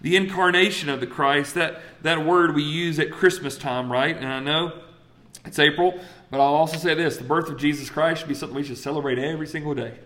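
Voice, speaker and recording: A man's voice: on the high side, fairly quick. A man from South Carolina with a Southern accent, preaching a conversational sermon, reading scripture and acting out voices. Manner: conversational, animated, quotes scripture and acts out voices.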